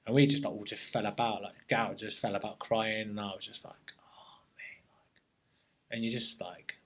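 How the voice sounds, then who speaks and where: Speaking a little fast with a fairly low pitch, this man looks back on his time in the army while guesting on a relaxed interview. Military slang runs through his story, and he often starts his sentences over.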